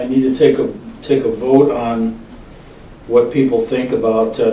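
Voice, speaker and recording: Guy chairing a city board meeting, flat mellow voice, halting, kinda far off in an echoey room. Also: medium pitch, slight background noise. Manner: halting, leads the discussion, restarts often. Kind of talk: public meeting discussion.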